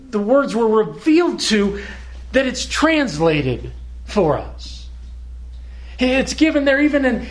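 Pastor, male, high voice, earnest sermon delivery with slow emphatic phrases. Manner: earnest, repeats words when searching, slows for emphasis.

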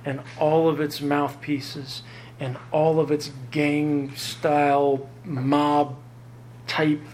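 A man preaching a sermon in an emphatic, animated way, his voice climbing high whenever he stresses a point. His voice sits a little high for a man. A faint hum runs under the recording. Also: very slow. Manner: emphatic, rises sharply in pitch to stress points. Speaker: pastor.

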